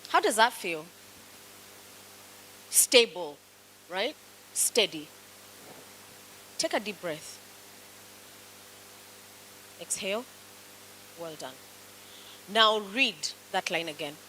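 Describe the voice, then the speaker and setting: A woman's voice: medium pitch, expressive, sharp tone, a little hiss or hum, poor audio. A woman with a Kenyan accent, teaching a public speaking class and coaching students through exercises in an encouraging way. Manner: slow, coaching, encouraging commands. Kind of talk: classroom instruction.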